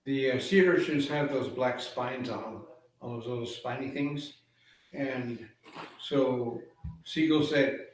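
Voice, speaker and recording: A man telling a traditional legend aloud in a relaxed, conversational way, with casual fillers. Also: medium pitch, slow pace. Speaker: storyteller. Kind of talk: oral storytelling of a legend. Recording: echoey room, far from mic.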